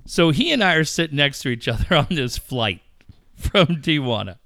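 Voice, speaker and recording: A man spins stories in a loose, swearing chat, his pitch bouncing all over the place. His voice is bright and forward, and the close mic leaves it dry with no room sound. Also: normal speed, no room sound. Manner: animated, profane, laughs often. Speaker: radio engineer telling stories. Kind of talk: casual storytelling chat.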